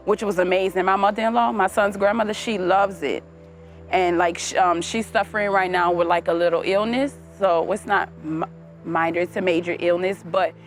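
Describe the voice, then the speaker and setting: A woman, a mother and community gardener, talking in a documentary interview in a chatty, lively way. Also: medium pitch.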